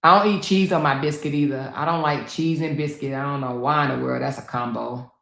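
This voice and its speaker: A woman's voice: low-pitched, steady tone, brisk, vocal fry, a bit bright. Chatty woman livestreaming in a roomy space. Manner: chatty and exclamatory, talks straight to viewers. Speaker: livestream host. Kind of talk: casual livestream chat. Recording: roomy echo.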